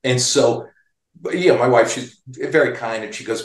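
A man's voice: mid-range voice, moderate pace, roomy sound. Chatty male guest telling a story. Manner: chatty storyteller with many restarts. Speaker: guest, guitar magazine writer. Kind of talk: storytelling interview.

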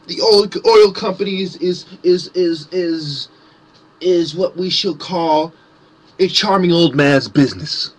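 A man delivers a furious monologue, full of swearing and mock-innocent sarcasm. His voice sits a touch high and sounds husky and rough-edged, as he swings between taunting and shouting at his target. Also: slow pace. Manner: profane, sarcastic, mocking. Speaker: conspiracy commentator. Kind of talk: angry ranting monologue.

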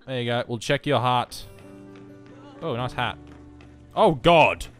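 A man's voice: medium pitch, takes it slowly, a bit bright, faint music behind. A young man giving casual, self-mocking let's-play commentary, chatting to the game as he plays. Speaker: gaming video host.

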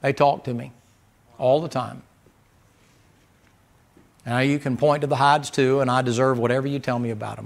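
A man's voice: medium pitch, flat delivery, normal speed, creaky, pauses often. A man preaching a sermon as pastor, folksy and emphatic, firing rhetorical questions at the congregation.

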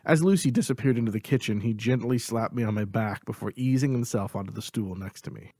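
A man narrates a novel in the first person, keeping a steady, even storytelling pace. His voice sits at a middling pitch. The recording is dry and close, with no room sound. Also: quick pace, few pauses, husky, dry recording. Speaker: audiobook narrator.

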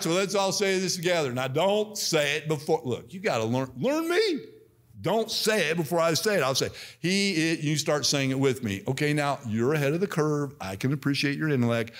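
A man's voice: medium pitch, a bit bright. A man in his sixties giving a folksy, conversational church address, repeating himself and leading the congregation in call-and-response. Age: 60s. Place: church sanctuary.

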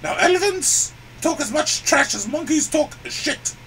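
A high, crude elephant puppet. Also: male voice, expressive, a little slow, a bit bright, soft background music, full character voice, low-quality recording. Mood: joke-telling. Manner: bellowing "ooh" cries, profane ranting. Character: crude boastful male elephant puppet, grumpy. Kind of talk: puppet comedy sketch.

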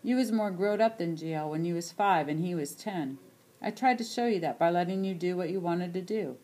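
A woman's voice: fairly low pitch, lively intonation, brisk, mellow, lightly acted. An elderly grandmother, as a woman reads her. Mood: insistent. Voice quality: plain rural dialect speech. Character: elderly Southern grandmother, proud and stubborn.

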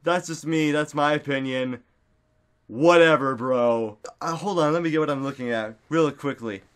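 A man's voice: on the high side, brisk. A man vlogging into a desktop microphone at home, rambling goofily with lots of fillers and sudden silly outbursts. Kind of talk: casual rambling monologue. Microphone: desktop studio microphone.

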